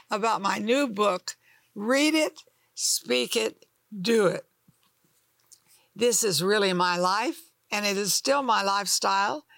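Older female TV Bible teacher, slow and gravelly, folksy sermon delivery, dry close sound. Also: mid-range voice, sharp tone, no echo. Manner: folksy and emphatic, acts out doubters' voices.

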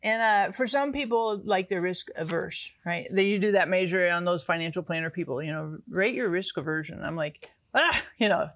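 A woman's voice: lowish voice, fairly quick, hardly any pauses, no echo. A woman co-host of a faith talk show, asking questions eagerly and chiming in with short affirmations. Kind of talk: interview chat.

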